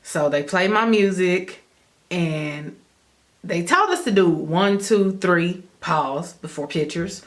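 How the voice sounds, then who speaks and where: Woman vlogger, casual storytime delivery, animated and direct to camera. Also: fairly low pitch, slow. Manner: animated, addresses viewers as y'all, acts out her own inner thoughts. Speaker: vlogger telling her wedding story.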